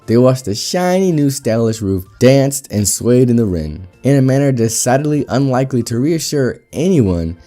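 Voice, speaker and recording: A man reading an online story aloud in a steady, wry storytelling manner. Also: mid-range voice, normal speed, hardly any pauses, faint music behind. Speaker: story narrator.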